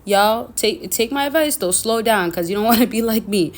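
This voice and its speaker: A woman's voice: a little high, animated, moderate pace. A woman hosting a casual dating advice vlog, chatty and rambling, with frequent restarts and fillers.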